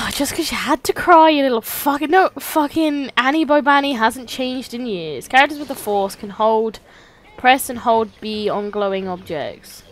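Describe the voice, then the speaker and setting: Sweary excitable gamer woman. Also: fairly high pitch, moderate pace. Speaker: let's play host. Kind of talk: casual gameplay commentary.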